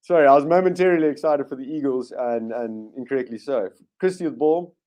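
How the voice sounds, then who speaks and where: Excitable man commentating live rugby. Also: medium pitch, a little fast. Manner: excitable, bursts of enthusiasm, frequent restarts. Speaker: watchalong host.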